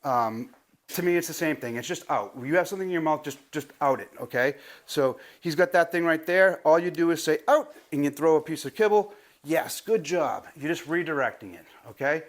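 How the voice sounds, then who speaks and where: A man teaching a puppy commands on video, talking straight to viewers in a casual, chatty way. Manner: talks to the viewer and praises the puppy in a high, drawn-out voice. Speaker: dog trainer. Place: training a puppy, moving around.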